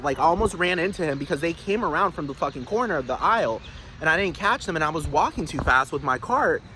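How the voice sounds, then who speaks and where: A man's voice: on the high side, bright, forceful tone, slight background noise. Rambling, swearing young man. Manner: rambling, heavy swearing, frequent "dude" and "like". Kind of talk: rambling casual monologue.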